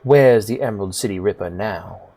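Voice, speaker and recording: A man voicing a formal, kindly older woman elder with a put-on Southern accent, speaking softly and slowly. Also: on the low side. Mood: solemn. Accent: put-on American Southern.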